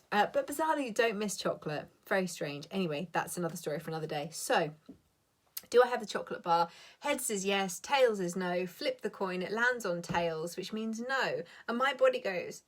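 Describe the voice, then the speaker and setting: A woman's voice: mid-range voice, lively intonation, moderate pace, fairly bright tone. Sweary, laughing woman in her thirties. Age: 30s. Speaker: coach. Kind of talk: live stream rant.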